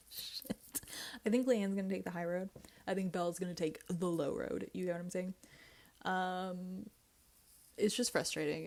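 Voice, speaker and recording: A woman's voice: lowish voice, a little mellow. Blunt, ranting woman vlogger. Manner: blunt, repetitive, swears and uses slang. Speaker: reality TV reaction vlogger. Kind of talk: casual opinionated recap rant.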